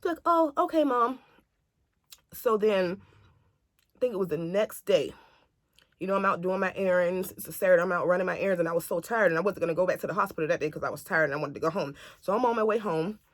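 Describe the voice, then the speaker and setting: A woman telling a family story to camera in a casual, animated way, acting out what others said. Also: lowish voice, quick pace, no room sound, clean studio sound. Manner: chatty, animated retelling that acts out other people's lines.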